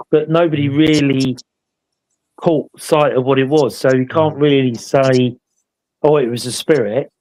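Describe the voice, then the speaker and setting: A man's voice: on the high side, a little mellow, rough recording. A man telling a paranormal investigation story in a rambling, casual way, often adding tag questions to draw agreement. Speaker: paranormal investigator co-hosting a live show.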